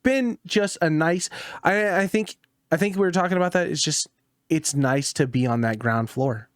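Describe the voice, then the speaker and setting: A man's voice: fairly high pitch, moderate pace, dry recording, clean studio sound. A man co-hosting a podcast, chatting casually about games, laid-back, laughing often and swearing. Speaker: podcast co-host. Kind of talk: casual gaming chat.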